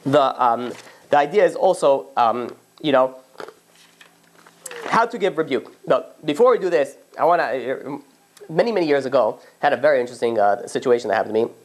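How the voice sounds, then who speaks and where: Guy rabbi telling stories in a class, talks fast, acts out the other people, lots of restarts. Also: mid-range voice. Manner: animated storyteller, acts out dialogue, frequent restarts. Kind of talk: informal Torah class with storytelling.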